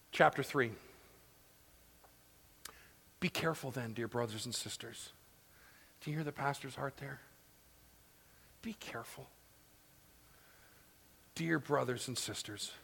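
High-voiced gravelly pastor in echoing hall. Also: male voice. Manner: dynamic, shifting from loud emphasis to hushed near-whispers; acts out complaining voices. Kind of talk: sermon.

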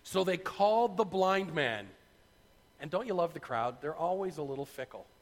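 A middle-aged man preaching a sermon, retelling a story in an animated way and acting out the voices. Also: a little high, moderate pace, long reverb tail. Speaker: pastor.

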